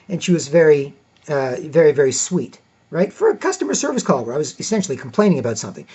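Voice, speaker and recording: A man's voice: fairly high pitch, sing-song, quick pace, darkish tone, breathy edge. A man talking in a casual monologue as a podcast host, rambling and padding his points with "you know" and "right". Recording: dull lo-fi recording.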